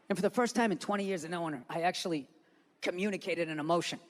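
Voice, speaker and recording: A man's voice: high-pitched, steady tone, fairly quick, pauses often, long reverb tail. A man in his fifties telling a blunt, profane story as a guest, acting out voices along the way. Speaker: comedian guest.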